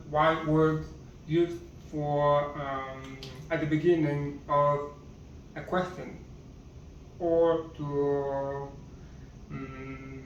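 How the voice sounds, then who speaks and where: Hesitant male teacher with a higher voice, listing words one at a time, recorded muffled in an echoey room. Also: distant mic, a little hiss or hum. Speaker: language teacher. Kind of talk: casual vocabulary lesson.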